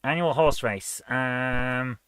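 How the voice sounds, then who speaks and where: A man's voice: mid-range voice, takes it slowly, a bit bright, clear, resonant tone. A man hosting a retro gaming channel, reading quiz questions aloud and chatting casually as he guesses the answers. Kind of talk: casual let's-play commentary.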